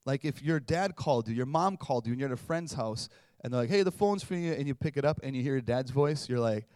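A man's voice: mid-range voice, quick pace, no echo, studio quality. A man in his thirties, a pastor, preaching a casual, conversational sermon and acting out little voices. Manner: conversational, animated, acts out voices.

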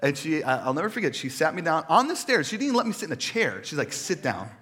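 A young adult man preaching a sermon to a live audience, telling lively stories with quick asides to the crowd. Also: on the high side. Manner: animated storytelling with audience asides. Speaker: pastor.

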